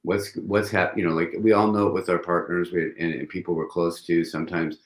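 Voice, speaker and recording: A man's voice: deep voice, little pitch movement, a little fast, reverberant. A man appearing as a guest on a casual livestream chat, reflective and telling personal stories with frequent restarts.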